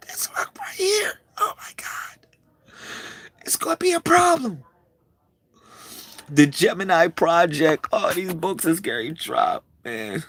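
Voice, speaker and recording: A man talking casually to his viewers, excitable and slangy, repeating himself and swinging from loud bursts to quiet murmurs. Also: fairly low pitch. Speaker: video creator.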